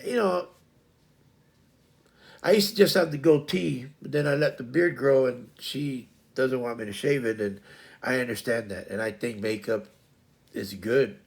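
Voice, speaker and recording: A middle-aged man with a gravelly, rough-edged voice, chatting casually on a livestream. He rambles and trips over repeated words as he talks, at an ordinary pitch for a man. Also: a little slow, long pauses. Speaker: livestream host.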